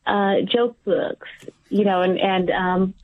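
A woman calling in to a radio show, speaking haltingly with many restarts. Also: medium pitch, fairly even intonation, no room sound. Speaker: caller. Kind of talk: phone call-in chat. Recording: tinny, dry phone line.

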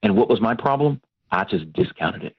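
A man from Texas, a pastor and counselor, telling his personal story in an earnest, animated way as a radio guest. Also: on the low side, brisk, slightly rough, phone-quality sound. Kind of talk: personal testimony.

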